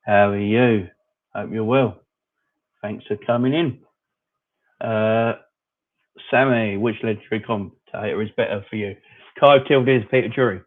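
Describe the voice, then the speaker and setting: A man hosting a casual live-stream chat, answering viewers by name in a rambling, opinionated way. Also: fairly low pitch. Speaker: fan channel host reading live chat. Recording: phone-like narrow audio.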